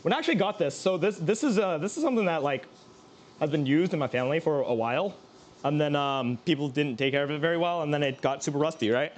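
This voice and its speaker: A man with a high voice chats through a home cooking stream. He rambles and pokes fun at himself. A faint hum of room noise sits under his voice. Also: lively intonation, fast. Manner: rambling, self-mocking, laughs often. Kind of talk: casual live-stream chat while cooking.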